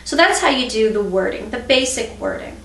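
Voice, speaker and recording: A middle-aged woman calmly explaining a tapping technique as an instructor, in a steady teaching tone. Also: fairly high pitch, brisk. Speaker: EFT instructor. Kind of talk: instructional explanation with demonstration phrases. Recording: echoey room, mic at a distance.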